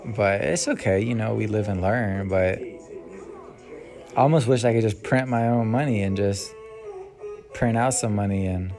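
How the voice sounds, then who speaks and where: Low gravelly young man musing casually. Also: a little slow, long pauses. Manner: casual, musing, trailing off with many ums and sighs. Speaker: podcast host. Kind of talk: rambling solo podcast monologue. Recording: music playing behind the voice.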